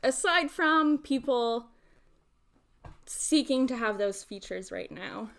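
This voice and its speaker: A woman co-hosting a podcast in casual chat, giggly and quick with sarcastic asides. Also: fairly high pitch, animated, a bit bright. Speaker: podcast co-host.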